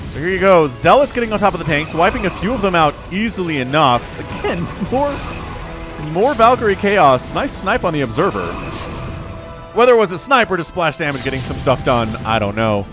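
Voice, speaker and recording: Lively young man casting a strategy game. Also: fairly high pitch, normal speed, long pauses, over music. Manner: excitable, chatty, laughs while talking. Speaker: esports caster. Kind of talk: solo play-by-play game commentary.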